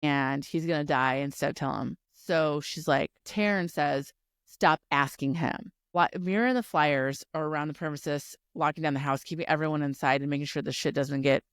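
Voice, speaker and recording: A woman co-hosting a casual book podcast, retelling the plot in an animated way, acting out the characters and swearing freely. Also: sits low, a little fast, few pauses, smooth, dry recording, clean studio sound. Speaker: podcast co-host. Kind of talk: casual book recap chat.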